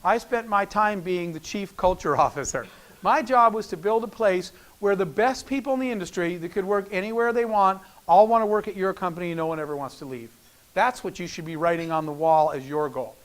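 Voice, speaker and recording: A man's voice: high voice, a little fast. A middle-aged man giving a keynote speech, telling a story and acting out the quoted dialogue, moved to the point of emotion. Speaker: keynote speaker.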